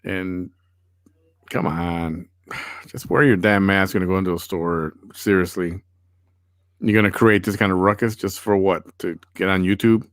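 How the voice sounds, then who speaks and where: A man's voice: sits low, fairly even intonation, a little slow, no echo, clean studio sound. A male podcast host chatting casually and reading out viewer comments, wry and sarcastic.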